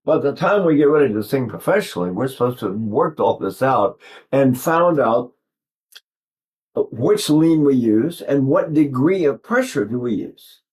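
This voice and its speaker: A man's voice: mid-range voice, animated, a little slow, a little mellow. A man in his eighties giving an informal singing lesson, rambling and digressive, often breaking off to demonstrate vocal sounds. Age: 80s. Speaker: voice teacher.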